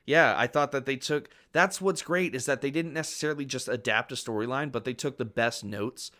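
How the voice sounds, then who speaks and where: A man with a bright, forward voice chats casually as a podcast co-host. He gets enthusiastic, retells scenes with gusto and swears without a second thought. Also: medium pitch, brisk.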